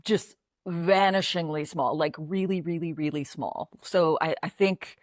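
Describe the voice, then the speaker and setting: A woman's voice: low-pitched, fairly even intonation, measured pace, no echo, studio quality. An American woman co-hosting a podcast, talking bluntly about politics and swearing freely. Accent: American English. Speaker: podcast co-host. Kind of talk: casual political chat.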